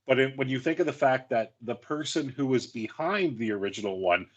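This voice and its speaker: A man's voice: medium pitch, animated, a little fast, dull audio. A man co-hosting a podcast, arguing and joking with frequent swearing. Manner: profane, joking, argumentative. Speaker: podcast co-host. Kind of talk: casual podcast banter.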